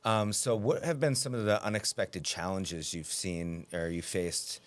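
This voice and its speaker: A man's voice: deep voice, fairly even intonation, measured pace. A man hosting an interview show who chats casually, affirms often and cracks jokes. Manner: jokey, affirming. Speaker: podcast host.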